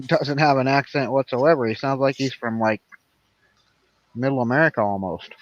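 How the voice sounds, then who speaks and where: A man's voice: mid-range voice, normal speed, no echo. Co-host guy, mid voice, muffled dry audio, laughs a lot and stumbles into sentences. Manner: laughs often, stammers and restarts. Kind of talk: casual livestream chat.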